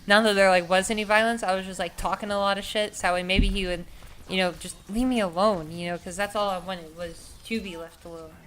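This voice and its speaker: A woman's voice: medium pitch, steady tone, fairly quick, a bit bright, a little hiss or hum. A young adult woman telling a story casually, rambling and profane, with many filler words. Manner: rambling, profane, heavy with "like" and "you know".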